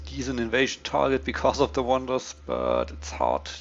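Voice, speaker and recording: A man giving casual, low-key commentary on his turn in a strategy game, thinking aloud with many pauses and ums. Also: very animated. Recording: dull lo-fi mic with faint hiss.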